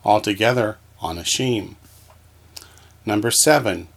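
A man's voice: fairly low pitch, unhurried, gravelly, pauses often, breathy edge. A man teaching a reading lesson, patiently sounding out words one syllable at a time from a textbook.

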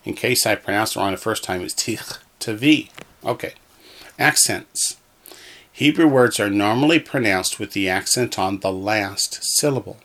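A man's voice: on the low side, moderate pace, fairly bright tone. A man teaching a recorded Hebrew lesson from a textbook, patiently repeating each word so learners can echo it. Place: alone in a room, talking to the wall.

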